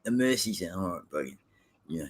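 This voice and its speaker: A man in casual chat, lively and blunt. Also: deep voice, a little fast, slightly rough.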